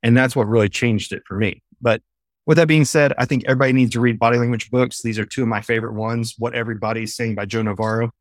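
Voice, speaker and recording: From a home office with a bookshelf, an animated podcast guest who trains people in face reading explains things over a video call in a casual interview. He talks fast in a mid-range voice, eager and storytelling, and the studio-quality audio has no echo.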